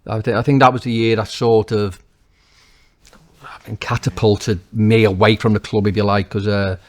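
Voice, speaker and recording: A man with a Liverpool accent, a former footballer and now a manager, telling animated, swear-laced stories as an interview guest, with many restarts. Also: on the low side, normal speed. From Liverpool, England. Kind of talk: casual interview anecdotes.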